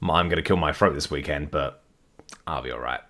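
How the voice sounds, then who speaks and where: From his home streaming setup with a desk mic and facecam, a tired man reads a comic aloud live to his chat in a brisk bass voice with a bright, forceful tone. Weary and rambling, he swears casually, and his voice starts sticking late in the long session.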